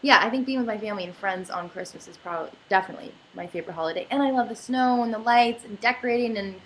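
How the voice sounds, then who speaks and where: A young woman from Canada with a Canadian accent, chatting casually on a livestream in a lively, teasing way. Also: medium pitch, racing, a little hiss or hum, rough recording. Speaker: actress answering fan questions.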